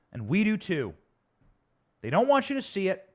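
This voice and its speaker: A man's voice: sits high, wildly swooping pitch, normal speed, pauses often. A man hosting a political commentary show, ranting in an angry, emphatic and theatrical way from a studio. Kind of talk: heated political commentary rant.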